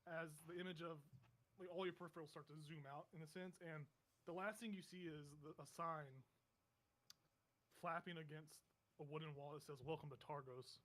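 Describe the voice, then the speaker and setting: Guy game-mastering, rambly scene descriptions with lots of likes and ums, voice a bit on the high side. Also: fairly even intonation, normal speed, a bit bright. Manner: vivid, meandering scene description with frequent fillers. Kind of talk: narrating a tabletop game.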